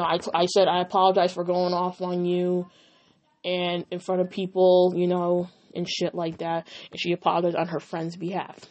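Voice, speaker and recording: A woman's voice: lowish voice, darkish tone. A young woman telling a personal story in a casual storytime vlog, heated and profane, acting out what she and others said. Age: young adult. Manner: heated, profane, emphatic retelling with quoted dialogue.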